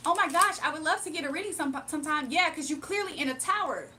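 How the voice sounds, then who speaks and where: A woman's voice: high voice, fast, pushed and bright. A woman hosting a casual livestream, sassy and exasperated as she answers chat comments. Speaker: livestream host reading chat.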